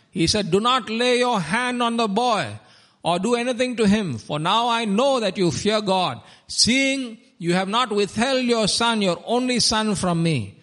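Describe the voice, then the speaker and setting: A high-pitched man delivering a sermon. He reads scripture passages in a slow, deliberate way, then explains each phrase. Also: a bit bright. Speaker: preacher.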